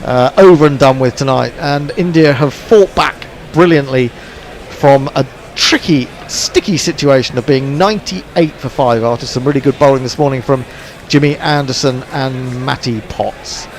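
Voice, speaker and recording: A man doing relaxed ball-by-ball cricket commentary on an internet radio stream, chatty and dry, with plenty of fillers. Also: medium pitch, normal speed, few pauses. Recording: faint background noise.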